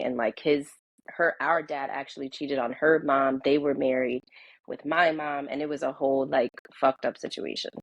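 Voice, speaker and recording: Low-voiced woman, rambling with lots of "like". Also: no room sound, rough recording. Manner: rambling, filler-heavy, laughs often. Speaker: podcast guest. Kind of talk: casual storytelling chat.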